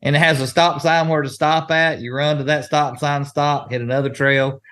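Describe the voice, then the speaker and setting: A man as a guest on a casual podcast, talking in a folksy, excitable way and laughing often. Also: on the high side, moderate pace. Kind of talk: casual chat.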